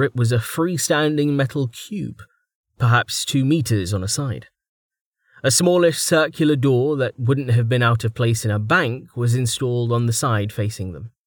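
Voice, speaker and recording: This male narrator delivers scripted fantasy-novel narration with an even, measured cadence. His voice sits in the mid range, captured in clean studio sound without any echo.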